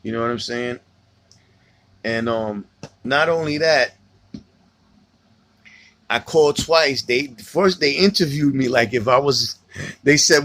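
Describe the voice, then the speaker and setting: A man's voice: mid-range voice, slow, pauses often, pushed and bright, dry recording. Loose, profane man chatting on a livestream. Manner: loose, profane, rambling storytelling. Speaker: livestream host reading chat. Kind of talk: casual livestream chat.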